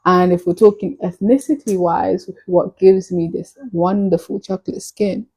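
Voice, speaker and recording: A woman's voice: fairly low pitch, steady tone, moderate pace, darkish tone, breathy edge, poor audio. A woman from Nigeria chatting playfully and flirtatiously with viewers on a casual live stream.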